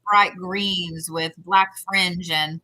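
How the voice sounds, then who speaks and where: A woman's voice: lowish voice, steady tone, drawn-out words, sharp tone, poor audio. A woman giving intuitive readings to viewers on a live stream, talking in a rambling, repetitive, chatty way. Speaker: psychic reader.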